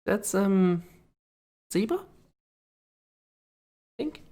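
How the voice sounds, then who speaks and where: A woman's voice: mid-range voice, very animated, extremely slow, mellow. Rambling, joking woman streamer. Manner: rambling, self-amused, punny. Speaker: game streamer. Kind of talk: casual commentary while playing.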